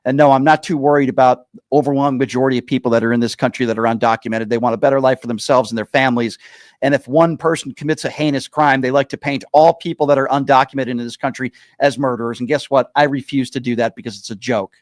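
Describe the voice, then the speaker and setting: A man hosting a live call-in radio show, pressing callers with pointed questions and cutting in to slow them down. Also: mid-range voice, steady tone, dry recording, studio quality. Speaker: radio talk show host.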